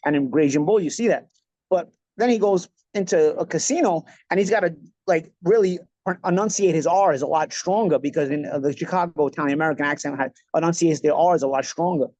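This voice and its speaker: A man with a thick New York accent rattles off his thoughts at a quick clip, stumbling over restarts and tossing in "you know" constantly. His voice sits in a middle range, and the recording is dry and a bit dull. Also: fairly high pitch, dry recording. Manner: rapid, animated, full of restarts and "you know". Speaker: podcast host. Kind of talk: casual chat.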